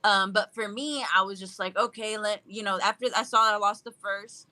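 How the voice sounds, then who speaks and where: A young woman with a bright, forward voice talks casually as an interview guest. She sounds upbeat and goofy, laughing easily as she goes. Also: medium pitch, steady tone, brisk. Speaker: guest fighter.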